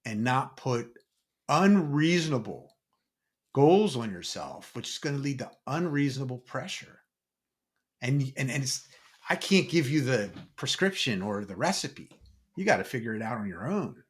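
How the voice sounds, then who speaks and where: A man's voice: mid-range voice, animated, normal speed. A man co-hosting a casual talk, making emphatic points and often asking "right?" to check in. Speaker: podcast co-host. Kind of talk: casual conversation.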